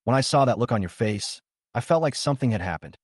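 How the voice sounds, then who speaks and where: A man's voice: mid-range voice, lively intonation, fast talker, dry recording, studio quality, natural voice. A man voicing an indignant young male student who is easily riled and complains in a huffy way.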